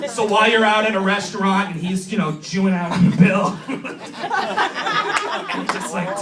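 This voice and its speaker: A young man from New York doing a crude stand-up set, rambling and acting out his friends in quick voices. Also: sits high, animated, heavy background noise. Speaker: stand-up comedian. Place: small comedy club stage. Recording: roomy club from far off, crowd.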